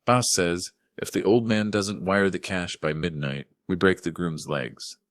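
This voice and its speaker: A menacing hired thug with a deep, gravelly voice and an Eastern European accent, cold and matter-of-fact, as a storyteller puts him on. Every word lands very low and flat in a dry, close sound. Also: male voice, unhurried, no room sound.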